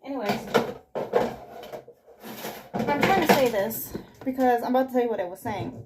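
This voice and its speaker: Talking at a quick pace in a slightly high voice over background noise, a young woman vlogger rambles through her chores in her home kitchen. She's casual and breathless, scatterbrained, and keeps interrupting herself.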